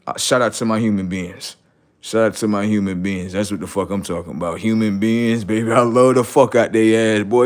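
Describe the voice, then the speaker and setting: A man's voice: on the low side, fairly even intonation, fairly quick. A man ranting on a livestream, profane and mocking, laughing often. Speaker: streamer. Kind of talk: casual livestream rant.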